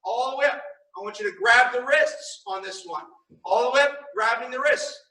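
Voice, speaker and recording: A young man teaching a martial arts class online, firmly giving orders and counting warm-up drills aloud. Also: extremely high pitch, moderate pace. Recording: echoey room, mic far off.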